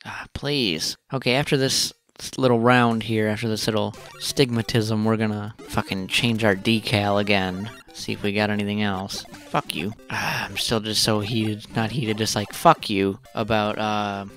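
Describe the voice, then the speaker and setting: A man with a fairly low voice talks through a video game session, muttering to himself and cursing at the screen in sudden bursts. His commentary is casual and annoyed, and faint game music plays behind him. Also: little pitch movement, normal speed, hardly any pauses, a bit bright. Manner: profane, frustrated muttering with sudden outbursts. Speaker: gaming channel host.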